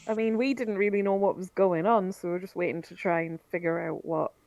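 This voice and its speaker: A woman's voice: on the low side, fairly even intonation, brisk, a little mellow, no room sound, soft background music. A woman playing a tabletop game, giggly and easygoing. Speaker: player.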